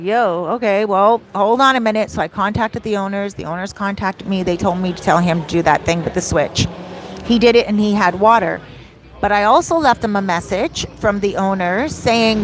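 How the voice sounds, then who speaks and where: A woman vlogger casually telling her live viewers a story, animated and chatty, with an exasperated edge. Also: mid-range voice, noisy background. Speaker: vlogger, host of a live stream.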